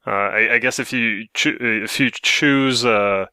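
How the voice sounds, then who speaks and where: A man co-hosting a podcast, chatting casually and haltingly, with lots of fillers. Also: medium pitch, sharp tone, clean tone, no room sound, clean studio sound. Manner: halting, many fillers like "you know, like". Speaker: podcast co-host. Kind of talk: casual chat.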